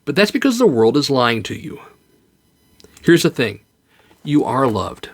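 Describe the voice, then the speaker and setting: Man, podcast host, earnest, comforting, mid pitch, very animated intonation. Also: unhurried. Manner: earnest, comforting, with light joke telling. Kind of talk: heartfelt encouraging monologue.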